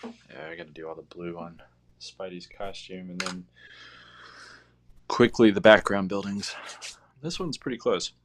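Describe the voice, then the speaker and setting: A lowish-voiced man co-hosts a live art stream, sounding tired and relaxed as he jokes with his partner. There is faint noise behind his voice. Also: a little slow, long pauses. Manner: easygoing, joking, relaxed drawl. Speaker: co-host of a painting stream. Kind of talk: casual live-stream chat.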